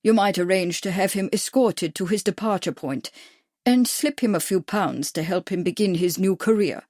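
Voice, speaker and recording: A woman putting on a gruff, commanding older royal man with a German accent, heavy-set and used to being obeyed, from an audiobook. The sound is close and dry. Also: mid-range voice, moderate pace, a little mellow, no echo, natural voice.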